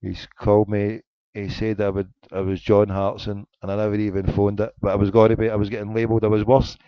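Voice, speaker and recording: An internet radio host with a low-ish, clean voice talks fast with little pitch movement, ranting casually to a live chat. He's joking and mock-indignant, and the recording is dry and dull with lo-fi internet radio sound and no echo.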